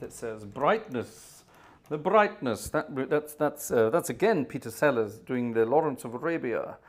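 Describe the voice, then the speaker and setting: A man hosting a live organ concert stream, chatting casually, thinking aloud and thanking viewers by name. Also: medium pitch. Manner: rambling, chatty, thinks aloud while searching.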